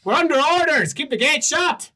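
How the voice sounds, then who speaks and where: Man doing a shouting, harried gate guard. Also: expressive, moderate pace, exaggerated voice. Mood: dismissive. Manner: shouted, high-pitched barks. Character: rough male city gate guard, gruff and harried.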